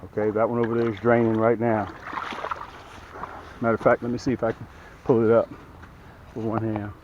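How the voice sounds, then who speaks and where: Through narrow, tinny audio with background noise, a middle-aged boat dealer gives an outdoor demonstration of a boat by the water. His fairly low voice has little pitch movement and runs a little fast; he's folksy, talks straight to viewers while working, and is slightly out of breath from lifting.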